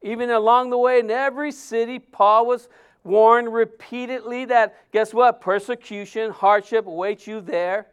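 A male pastor delivers a sermon in a conversational, emphatic way. His voice sits high for a man and sounds smooth and resonant. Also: steady tone, normal speed, muffled recording. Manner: conversational, emphatic, acts out quotes.

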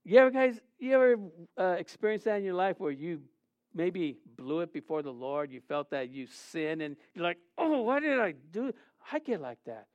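High-voiced man preaching a sermon. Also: moderate pace, a little mellow, no room sound, lo-fi sound. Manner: emotional preaching with rising and falling intensity. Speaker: pastor.

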